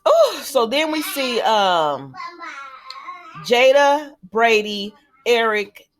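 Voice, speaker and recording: A woman's voice: fairly high pitch, sing-song, drawn-out words, slight background noise. Chatty woman recapping a soap episode. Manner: chatty retelling that slips into quoted dialogue, many fillers. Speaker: soap opera recap reviewer. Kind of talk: casual spoken episode recap.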